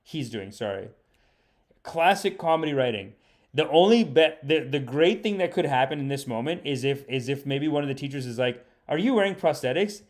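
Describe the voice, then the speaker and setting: A man's voice: medium pitch, moderate pace. A man hosting a late-night livestream, joking and rambling while reading viewer comments. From Canada. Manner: joking, rambling, reads chat aloud. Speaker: livestream podcast host. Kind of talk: casual comedic livestream chat.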